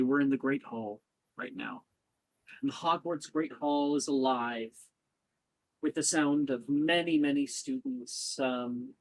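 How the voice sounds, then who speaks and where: A man narrating a tabletop role-playing game as game master, lively and unhurried. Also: mid-range voice, no room sound, rough recording.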